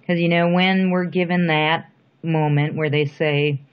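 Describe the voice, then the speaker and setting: A middle-aged woman speaking softly and reflectively in a personal interview, with thoughtful pauses. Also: low voice, steady tone, clean tone. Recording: dull lo-fi recording.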